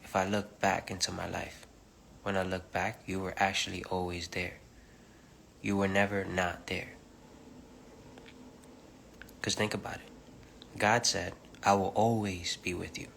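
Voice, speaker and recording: A man giving an informal spiritual message on a live stream, speaking softly and haltingly with many pauses, mixing English and Spanish. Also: low-pitched, little pitch movement, vocal fry, slight background noise. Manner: soft-spoken, halting, many pauses and fillers; switches between English and Spanish. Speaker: preacher on a livestream. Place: home livestream. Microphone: phone or webcam.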